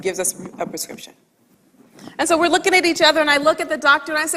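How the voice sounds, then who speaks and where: A woman with a fairly high voice tells a funny story in front of an audience, bringing each line of dialogue to life. Her voice carries a long reverb, as in a large hall. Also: fast talker. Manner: lively, humorous storytelling with quoted dialogue. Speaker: speaker. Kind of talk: storytelling talk.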